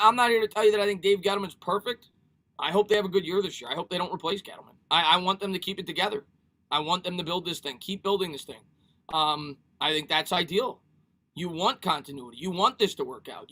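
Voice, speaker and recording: Male sports streamer, high and bright, excitable and repetitive, casual live chat. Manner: animated, repeats himself, reads viewer comments.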